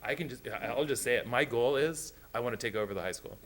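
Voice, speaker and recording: A man's voice: medium pitch, fast talker, background noise. A man telling an enthusiastic story at a school board meeting, acting out what people said. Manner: enthusiastic, acts out quotes in voices. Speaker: school program presenter.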